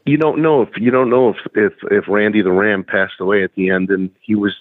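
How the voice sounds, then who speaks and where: A man's voice: on the low side, steady tone, fairly quick, no echo. A middle-aged man, a guest calling in by phone, telling stories in chatty casual talk with many restarts. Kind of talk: casual interview chat. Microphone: phone call. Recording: muffled phone line.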